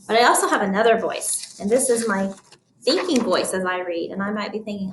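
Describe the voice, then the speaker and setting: A woman teacher reading a picture book aloud to children, explaining each step clearly and deliberately. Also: medium pitch, animated, echoey room, slight background noise. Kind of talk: read-aloud lesson for children.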